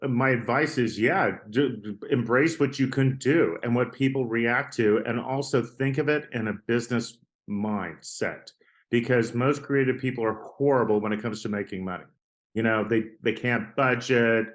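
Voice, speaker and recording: Guy rambling through a story on a podcast, lots of "like" and "right?", mid-pitch voice. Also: normal speed. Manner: chatty, rambling, frequent "right?" and "like". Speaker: artist guest. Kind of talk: casual storytelling interview.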